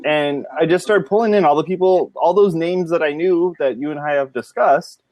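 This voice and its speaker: A man hosting a casual panel chat, rambling and relaxed, with many fillers. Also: fairly high pitch, normal speed, dry recording, lo-fi sound. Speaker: podcast host.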